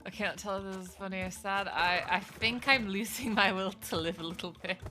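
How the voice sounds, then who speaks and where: A woman's voice: medium pitch, fairly even intonation, fairly quick, bright, forceful tone, soft background music. A young woman streaming a game live, rambling in casual, self-mocking chat with her viewers as she plays.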